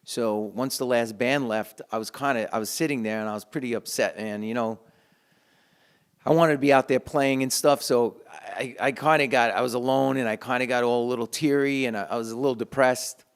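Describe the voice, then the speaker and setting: A middle-aged man telling a heartfelt story in a casual, halting way, with frequent restarts. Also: medium pitch, clean tone. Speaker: guitarist sharing a memory.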